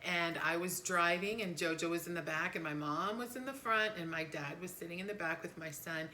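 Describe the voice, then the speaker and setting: A middle-aged woman co-hosting a family podcast, telling a story in a casual, animated way and jumping high when she quotes people. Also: a little fast, slight background noise. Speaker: podcast co-host.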